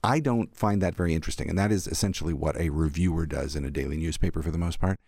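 An older man, an arts critic, recalling theater memories in a thoughtful, animated interview. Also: a bass voice, quick pace, creaky, husky, no echo, clean studio sound. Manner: thoughtful, warmly animated storyteller. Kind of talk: reflective storytelling in an interview.

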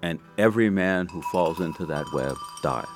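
A man, an author interviewed as a guest, speaking in a measured, deliberate way. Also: deep voice, lively intonation. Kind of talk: interview talk. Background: guitar music.

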